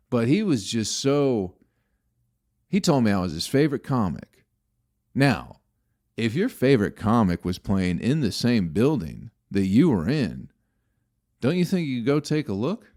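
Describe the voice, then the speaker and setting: Rambling, cussing man with a lowish voice. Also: a little mellow. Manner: profane, meandering, exasperated asides to listeners. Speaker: comedian podcast host. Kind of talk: rambling comedic storytelling.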